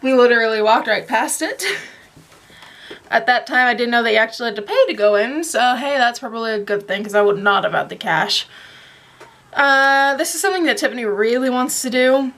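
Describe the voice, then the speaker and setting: A woman's voice: a little high, lively intonation, normal speed, fairly bright tone. A young woman chatting casually in a home vlog, rambling and laughing now and then as she talks to a handheld camera. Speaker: vlogger.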